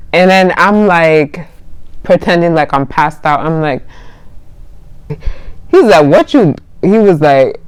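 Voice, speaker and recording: A woman's voice: fairly low pitch, expressive, slow pace, smooth, dry recording. A young woman vlogger casually telling a dating story, chatty and laughing often as she acts out both sides of the conversation.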